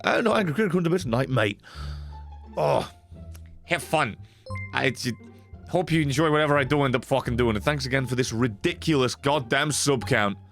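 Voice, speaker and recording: A man's voice: mid-range voice, normal speed, soft background music. A man signing off a live stream, rambling, swearing a lot and getting worked up at chat. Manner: profane, excitable, rambling. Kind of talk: casual stream sign-off chat.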